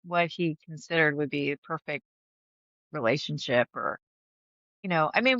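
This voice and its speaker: A woman's voice: fairly low pitch, a bit bright, no room sound, highs cut off. A woman guest talking openly in an interview, chatty, laughing often and restarting her sentences. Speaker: podcast guest. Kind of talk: candid conversational interview.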